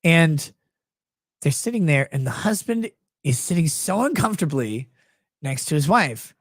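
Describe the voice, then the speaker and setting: Man, lawyer streamer, casual storytelling, sarcastic, crude humor, animated, dry close sound. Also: a little high, unhurried, no echo. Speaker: lawyer and livestream host.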